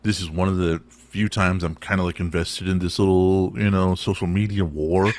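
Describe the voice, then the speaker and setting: A man co-hosting a casual talk show, animated and swearing, often restarting his sentences. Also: low voice, moderate pace. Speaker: podcast co-host. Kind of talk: casual profane chat.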